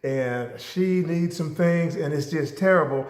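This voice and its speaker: A man's voice: on the high side, unhurried, natural voice. A man voicing a desperate young man who pleads and rambles for a little money. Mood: pleading. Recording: roomy echo.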